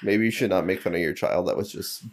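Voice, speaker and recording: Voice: deep voice, quick pace, slight background noise. A podcast co-host in a casual book chat, dropping short agreements and blunt interjections.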